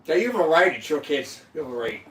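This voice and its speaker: A man's voice: fairly high pitch, sing-song, fast talker. A man hosting a casual chat, emotional, profane and insistently repeating himself. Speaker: host. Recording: echoey room, mic at a distance.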